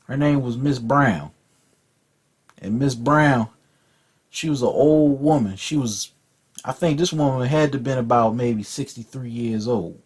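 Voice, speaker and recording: Slow-talking husky man, lively pitch. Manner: profane, repeats words while telling a story. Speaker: vlog host. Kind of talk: casual storytelling rant.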